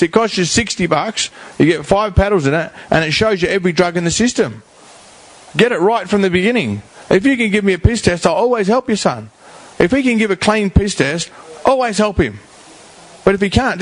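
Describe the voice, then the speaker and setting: A middle-aged Australian man who founded a rehab house speaks at a community forum, bluntly and emphatically, repeating himself for effect in plain, colloquial slang. His voice sits high, animated and fairly quick.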